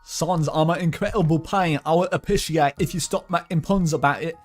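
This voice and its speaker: A man's voice: fairly high pitch, fairly quick, soft background music, voice pushed up, close to an everyday voice. A man voicing a weak, injured male skeleton in a made-up accent that wavers between Cockney and Australian.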